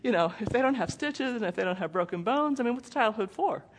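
A woman's voice: fairly high pitch, animated, fast. A middle-aged woman giving a parenting presentation in a conversational way, intense without raising her voice. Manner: conversational, acts out quoted voices. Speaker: parenting speaker. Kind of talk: presentation talk with slides.

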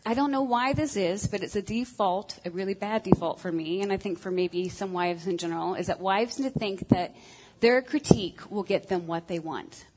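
Woman, candid marriage talk, self-deprecating, filler words, mid pitch. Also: normal speed, darkish tone, slight background noise, poor audio. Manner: frank, self-deprecating, with many ums and uhs. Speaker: speaker on marriage. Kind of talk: candid talk to a group of women.

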